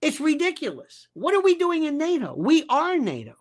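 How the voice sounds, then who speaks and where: A man's voice: extremely high pitch, wildly swooping pitch, normal speed. A man from the United States speaking as a guest commentator, ranting emphatically and sarcastically, jumping from topic to topic. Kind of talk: animated political rant.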